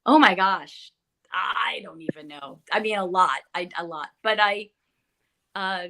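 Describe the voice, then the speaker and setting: A woman's voice: on the low side, unhurried, bright, forceful tone. A middle-aged woman, an actress guest, chatting casually in an interview with many fillers and restarts.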